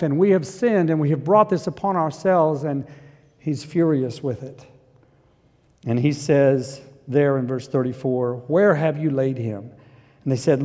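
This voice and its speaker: A middle-aged man preaching a sermon, moving from quiet reflection to loud, impassioned preaching. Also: a little high, measured pace, in a large hall. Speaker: pastor.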